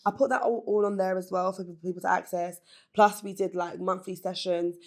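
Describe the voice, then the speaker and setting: Low-voiced, candid woman guest. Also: fairly even intonation, fairly quick, a little mellow. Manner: candid, earnest storytelling with fillers. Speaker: guest, business founder. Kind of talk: casual interview chat.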